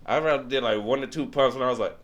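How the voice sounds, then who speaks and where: A man's voice: medium pitch, quick pace, a crowd in the background. A man telling a long story in casual chat, laughing often and acting out what others said. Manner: animated, laughing, acts out quoted lines. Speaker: podcast guest.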